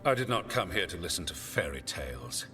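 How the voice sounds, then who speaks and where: A man's voice: low-pitched, very animated, fairly quick, sharp tone, soft background music, heavily acted. An actor playing a stern, formal male commander in a video game, who questions others in a cold, demanding way. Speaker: the First Warden, a military commander.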